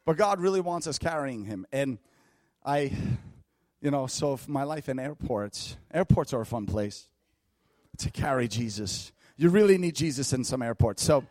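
A man preaching a storytelling sermon at a church service, lively, laughing often and breaking into shouts. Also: medium pitch, normal speed, no room sound. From United States.

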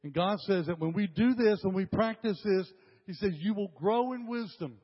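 An older male pastor preaches with emphasis, his somewhat high voice hammering phrases home again and again. The sound is dull and lo-fi, carrying a long reverb off a church hall. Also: normal speed, slightly rough. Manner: emphatic, repeats phrases, addresses the congregation directly. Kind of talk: sermon.

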